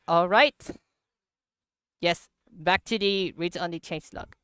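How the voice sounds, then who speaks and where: A woman streaming a block-building game, talking through the update in slow, halting English with frequent laughter. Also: fairly low pitch, a bit bright, clear, resonant tone, dry recording. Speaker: gaming livestreamer. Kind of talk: casual game commentary.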